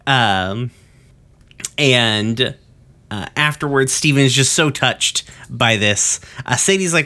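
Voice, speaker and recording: A man's voice: expressive, takes it slowly, sharp tone. A man on a podcast casually recapping an episode, rambling with lots of ums and uhs and throwing in curse words. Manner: loose, rambling, lots of ums and uhs, acts out quotes in higher voices.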